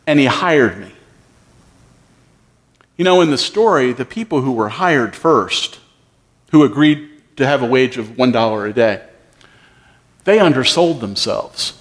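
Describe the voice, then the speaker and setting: A pastor delivering a sermon as a story, a man who talks through each scene and acts out the dialogue. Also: fairly high pitch.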